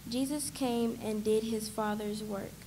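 A woman calmly giving a short devotional explanation. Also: on the high side, a little slow, slight background noise.

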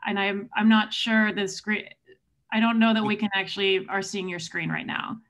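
Polite moderator on a zoom call, kinda hesitant, mid pitch. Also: fairly even intonation, moderate pace, fairly bright tone. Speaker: session moderator. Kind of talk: online conference moderation. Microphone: video call.

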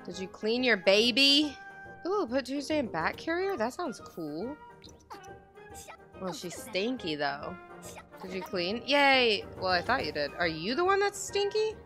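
A woman's voice: medium pitch, pushed and bright. A young woman hosting a gaming video, chatting casually and talking to her game characters as she plays. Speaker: gaming channel host. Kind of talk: casual let's-play commentary.

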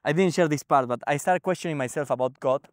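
Halting, animated man with a dry sound. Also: on the high side, no echo. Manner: animated, halting, frequent restarts and fillers. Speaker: guest sharing a spiritual experience. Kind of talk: casual storytelling conversation. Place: ashram.

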